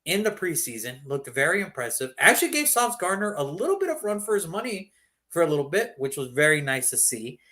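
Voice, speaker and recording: A man's voice: a little high, big pitch swings, fairly quick, pushed and bright. A man co-hosting a sports prediction show, talking casually and animatedly, swearing and slipping into mock voices.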